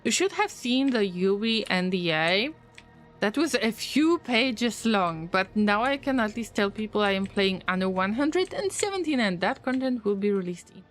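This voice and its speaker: A woman streams a game and chats with her audience in a relaxed, playful way, teasing them and cracking jokes in reply to their messages. Her mid-range voice is animated and moves at a normal speed, with soft background music.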